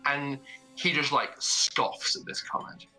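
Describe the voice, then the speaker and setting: A man's voice: on the high side, huge pitch swings, measured pace, sharp tone, soft background music, low-quality recording. Stammering game master man. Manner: stammering, casual. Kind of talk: narrating a tabletop game.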